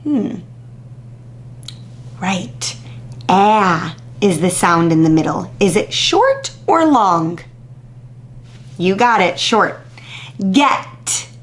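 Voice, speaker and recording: A woman teacher leading a phonics warm-up for young children, sounding out words crisply and praising each answer patiently. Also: mid-range voice, expressive. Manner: patient, drawn-out, encouraging praise after pauses. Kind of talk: slow, deliberate phonics lesson to young children.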